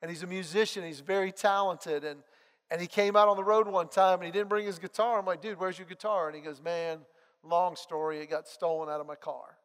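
A man preaching a sermon, telling a personal story and acting out the dialogue in an animated way. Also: sits high, brisk, clear, resonant tone. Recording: long hall reverb.

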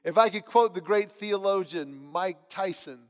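High-voiced man preaching in an echoing hall. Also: measured pace. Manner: storytelling, animated, acts out voices in anecdotes. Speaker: pastor. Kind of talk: sermon. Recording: long hall reverb.

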